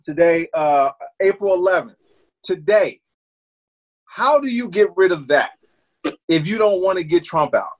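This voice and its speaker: High-voiced man ranting emphatically. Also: expressive, unhurried, long pauses, low-quality recording. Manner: emphatic, profane, fires rhetorical questions. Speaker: podcast co-host. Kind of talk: casual political chat.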